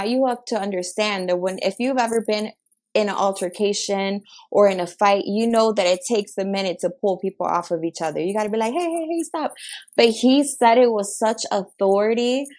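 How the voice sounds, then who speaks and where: A woman's voice: mid-range voice, moderate pace. Earnest woman telling a personal story. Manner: earnest, animated retelling with filler words. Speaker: podcast guest. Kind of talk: emotional storytelling.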